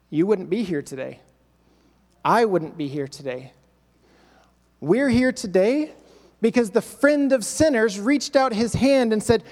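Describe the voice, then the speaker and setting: A man's voice: sits high, darkish tone, big-room sound. A male pastor preaching a sermon, acting out quoted voices with emphatic repetition.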